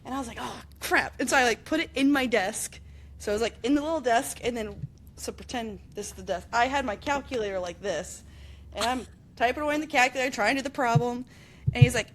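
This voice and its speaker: A woman in her thirties hosting a podcast, chatting casually and telling animated stories with acted-out quotes and frequent laughter. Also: on the high side, fast, slight background noise. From upstate New York. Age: 30s. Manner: animated storyteller, acts out quotes, laughs often. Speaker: podcast host. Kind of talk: casual chat.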